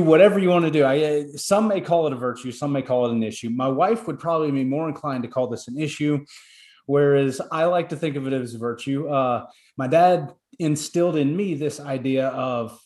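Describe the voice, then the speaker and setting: A man hosting a casual chat, talking in a measured, reflective way with some hesitation. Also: fairly high pitch, a little mellow. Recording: roomy echo.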